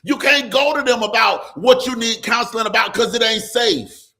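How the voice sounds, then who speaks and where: Speaking to his live-stream audience and the people commenting, this preacher has a very high, sharp voice and talks at normal speed. He's a pastor running the stream, preaching call-and-response style with nonstop shouts of "come on" and lines that turn into singing.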